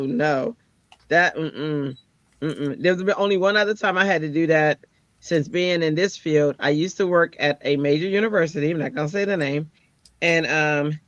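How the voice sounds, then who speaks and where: In a casual chat, a woman who teaches relates something that happened to her, bringing quoted people to life with lively leaps in pitch. There's no room sound at all, and the audio is on the dull side.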